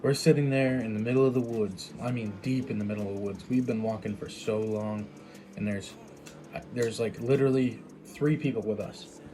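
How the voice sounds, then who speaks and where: A man's voice: fairly low pitch, steady tone, normal speed, noisy background. A young man telling a personal story in a casual, rambling way, full of asides and restarts.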